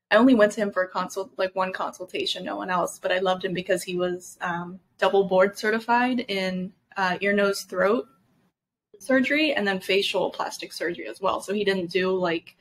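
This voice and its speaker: A woman's voice: mid-range voice, slight background noise, poor audio. A woman in her twenties co-hosting a podcast, telling stories in casual chat, laughing and swearing as she goes. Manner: chatty storyteller, laughing and swearing. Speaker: podcast co-host.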